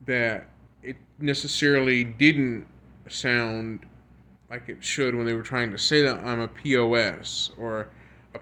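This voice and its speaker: Earnest and repetitive, a man who makes videos reads news stories aloud with his own commentary, halting as he trips over words and restarts. He speaks at medium pitch in a bright, forceful tone.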